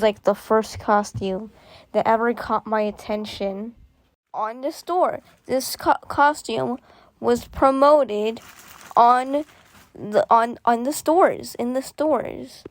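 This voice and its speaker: A young woman vlogger giving rambling, sarcastic commentary, full of fillers and restarts. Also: on the high side. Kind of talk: casual commentary.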